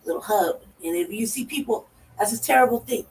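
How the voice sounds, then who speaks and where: A woman co-hosting a talk show, telling a profane story in a lively way and acting out her own reactions. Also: on the high side, brisk. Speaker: podcast co-host. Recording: distant mic with faint noise.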